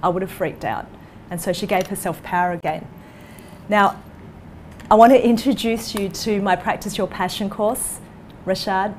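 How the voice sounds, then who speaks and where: An enthusiastic woman coach pitching her course, her voice at a middle pitch. She tells a client's story with energy, and a faint hiss sits under the recording. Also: steady tone, moderate pace, pauses often, darkish tone. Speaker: coach for dentists. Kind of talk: course pitch in an online interview.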